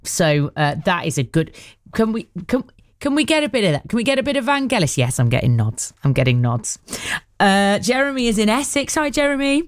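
A woman's voice: mid-range voice, very animated, brisk, no echo. A woman presenting a radio show in casual chat, reading out listener messages and laughing easily.

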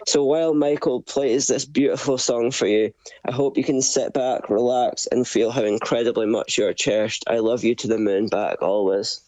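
A man's voice: mid-range voice, steady tone, moderate pace, a little mellow, no echo. A teenage man reading a heartfelt letter aloud over a phone line. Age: teens. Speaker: caller's son.

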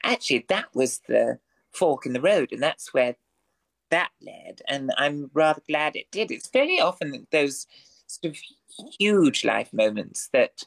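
A man's voice: a little high, very animated, unhurried, creaky, a bit bright. A man, a guest on a radio interview, who talks in a florid, wordy, theatrical way. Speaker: guest performer.

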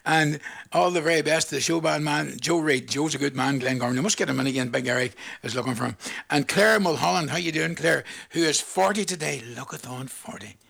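A man in his seventies with a Northern Irish accent, presenting a radio show in casual, jokey, rambling chat full of shout-outs to listeners. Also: on the high side, a little fast, creaky. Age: 70s.

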